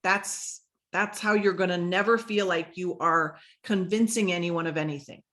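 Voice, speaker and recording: A woman business coach giving a lively, conversational talk about selling on social media, acting out sample messages as she goes. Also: fairly low pitch, normal speed.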